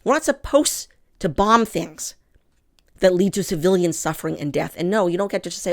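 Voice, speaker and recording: A woman with a lowish voice talks a little fast and animatedly while hosting political commentary. Her monologue to camera is impassioned and emphatic, and she calls her listeners "people."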